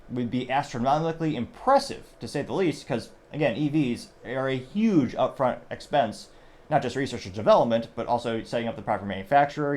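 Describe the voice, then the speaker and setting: A man's voice: medium pitch, a little mellow. A male host giving casual news commentary, rambling and correcting himself as he reads business stories aloud.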